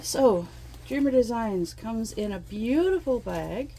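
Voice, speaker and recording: A woman chatting casually while unboxing craft kits in her trailer home, gasping and gushing with excitement over each item. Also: a little high, takes it slowly, a little hiss or hum. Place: inside her fifth-wheel trailer home.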